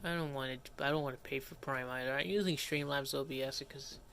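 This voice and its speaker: A man chatting casually on a live stream, his voice sitting at an ordinary middle pitch. He rambles and cuts himself off mid-thought, then grumbles at whatever goes wrong. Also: fairly even intonation, a little fast, vocal fry, a bit bright, slight background noise. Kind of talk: casual livestream commentary.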